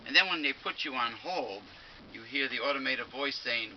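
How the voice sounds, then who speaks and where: A man's voice: mid-range voice, expressive, moderate pace, dull audio, noisy background. A man hosting a talk show, ranting with indignation and often restarting his sentences. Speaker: show host. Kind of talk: casual talk-show chat.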